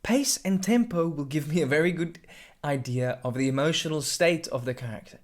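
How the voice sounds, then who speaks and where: A man who works as a drama adjudicator and mentor gives a scripted tutorial on preparing a performance. He speaks clearly and expressively and shows pitch, pauses and volume with his own voice.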